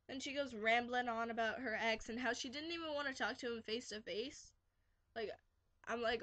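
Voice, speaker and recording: On the high side and sharp in tone, this teenage vlogger's voice moves at a normal speed without echo. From her bed, she delivers a sarcastic, filler-heavy rant, imitating kids mockingly.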